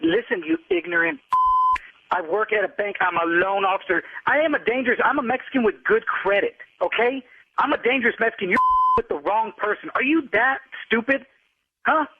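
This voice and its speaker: Indignant male caller, high and husky, heard over a phone line. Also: animated, brisk, dry recording. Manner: indignant, insulting, repeats "man". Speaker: prank call target. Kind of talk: heated phone argument.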